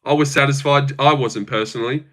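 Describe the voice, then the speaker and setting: Blunt man with a bright voice. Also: mid-range voice, brisk. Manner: blunt, opinionated, swears, reads chat aloud; says he is using a fake voice. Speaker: streamer answering chat. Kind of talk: casual live-stream chat.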